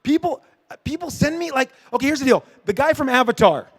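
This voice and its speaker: A middle-aged comic book creator answers questions during a convention panel Q&A in a dark room, telling animated stories and joking with the audience. His voice is high-pitched and fast, with a breathy edge.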